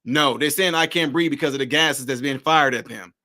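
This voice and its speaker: A man's voice: mid-range voice, brisk, noisy background. A man giving casual, sarcastic reaction commentary, repeating himself and exclaiming. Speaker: political commentary host.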